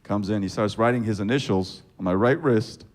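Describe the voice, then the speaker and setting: A man doing profane stand-up comedy storytelling, with a deadpan delivery and sudden squeaky high-pitched punchlines. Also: a little fast. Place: comedy club stage with laughing audience. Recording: live club recording with audience noise.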